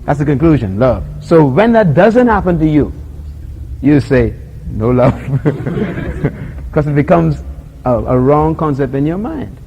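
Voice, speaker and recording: A man's voice: on the high side, unhurried, long pauses, dull audio, a little hiss or hum. A man preaching a sermon on love in a conversational way, acting out little scenes, chuckling often and asking his listeners questions. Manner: animated storytelling, acts out scenes and quotes; chuckles often while making points.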